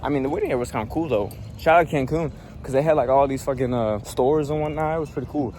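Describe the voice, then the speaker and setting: A man's voice: mid-range voice, expressive, fast talker, darkish tone, slight background noise. A young man telling a travel story as a casual vlog rant, profane and annoyed, rambling with lots of fillers. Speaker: vlogger.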